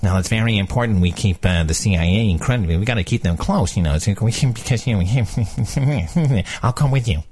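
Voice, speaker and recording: A man putting on the voice of a fussy female political adviser who talks in halting restarts. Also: on the low side, expressive, darkish tone, slightly rough, pitched below the performer's own voice. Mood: fretful.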